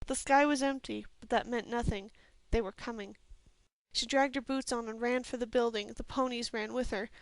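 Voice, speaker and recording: A woman narrates a fantasy novel at a steady, even pace. Her voice sits a little high and comes through smooth and clear. The recording is close and dry. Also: moderate pace, no echo. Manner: steady, even storytelling reading. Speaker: audiobook reader.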